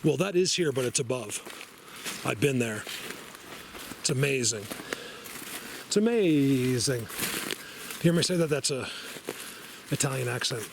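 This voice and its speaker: A man of ordinary pitch rambles excitedly to his camera while out in a forest. He chats casually, laughs often and jumps from thought to thought. Steady outdoor noise sits clearly behind his voice. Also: moderate pace, long pauses. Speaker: vlogger.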